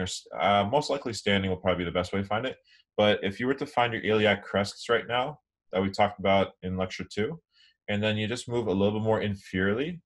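A young man giving an anatomy lecture online, explaining casually with many ums. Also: low-pitched. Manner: relaxed, filler-heavy explaining.

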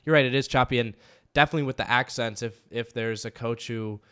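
A man with a smooth, clear voice in the middle range hosts a casual interview. He talks in a friendly, hesitant way, full of fillers and restarts. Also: medium pitch, fast, fairly bright tone. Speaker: podcast host, sports play-by-play announcer.

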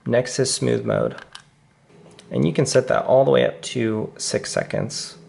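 A man casually walking viewers through a device's menu settings in a relaxed, conversational way, correcting himself as he goes. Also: medium pitch, measured pace, vocal fry, husky. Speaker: product reviewer. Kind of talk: casual how-to demonstration.

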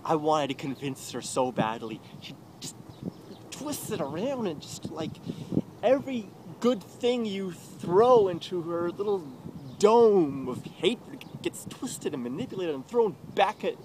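A man's voice: high voice, sing-song, unhurried, noisy background. A man delivering a bitter, agitated confessional vlog monologue with heavy swearing, recorded outdoors by a road.

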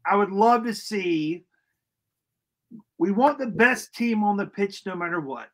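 High, bright-voiced joking man. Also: expressive, measured pace. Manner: jokey, slangy banter. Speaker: co-host. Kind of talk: casual fan-show chat.

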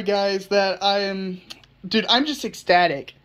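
A woman's voice: mid-range voice, measured pace. A woman narrating a casual computer repair vlog, chatty and thinking aloud with frequent restarts.

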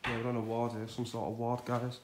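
A man hosting an urban exploring vlog, talking excitedly and a little breathlessly as he walks through an abandoned hospital. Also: mid-range voice, fairly quick. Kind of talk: excited handheld exploring commentary. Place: inside a large abandoned hospital. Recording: noisy handheld camera audio.

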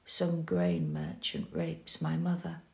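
Woman, dramatic poetry reading, very slow, gravelly low voice, grave, sinks to whispers and swells to cries. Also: big pitch swings. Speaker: poetry reader.

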